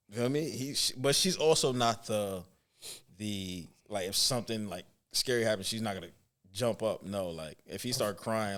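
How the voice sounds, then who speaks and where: A man's voice: lowish voice, normal speed. A man in his twenties, a football coach, talking casually and telling stories in slang on a podcast. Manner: loose, slangy storytelling, animated when imitating parents. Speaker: football coach and trainer, guest.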